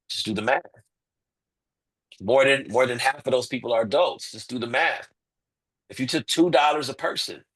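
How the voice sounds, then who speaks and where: Heard on a low-quality recording, a man with a medium-pitched, fairly bright voice speaks as an interview guest. He argues his case with passion, using rhetorical questions and repeating his points.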